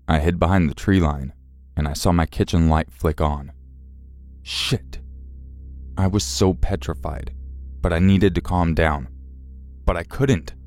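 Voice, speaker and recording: A man's voice: low-pitched, darkish tone, no room sound. A man telling a first-person horror story in a tense, dramatic storytelling manner. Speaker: narrator. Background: faint music.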